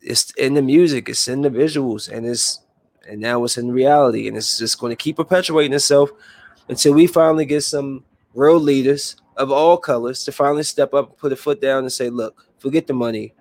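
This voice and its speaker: A man's voice: mid-range voice, a little fast, no room sound. A man commenting casually on news headlines, reading them aloud and then rambling and venting about them in a loose, conversational way. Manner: rambling, loose, stops to react and vent; reads headlines aloud in a flatter tone. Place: room with a window.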